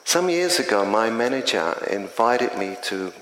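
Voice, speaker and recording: Slow, earnest chaplain. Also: male voice, on the low side, sing-song, a bit bright, slight background noise. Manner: earnest, measured storytelling. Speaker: community chaplain. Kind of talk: spoken testimony. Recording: echoey hall with faint ambience.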